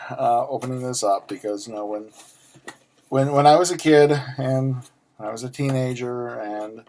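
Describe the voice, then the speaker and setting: A man's voice: mid-range voice, darkish tone, slight background noise. A man in his forties unboxing a geek subscription box, ranting and swearing freely with many restarts and stammers. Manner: ranty, profane, sarcastic, frequent restarts. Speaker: unboxing vlogger. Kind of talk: casual unboxing chat.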